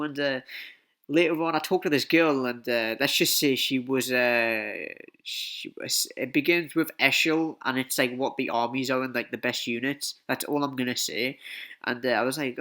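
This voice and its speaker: A young man tells a story in a loose, rambling way, packed with swearing and fillers. His voice is bright and of middling pitch. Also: moderate pace. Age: young adult. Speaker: vlogger. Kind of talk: casual storytelling.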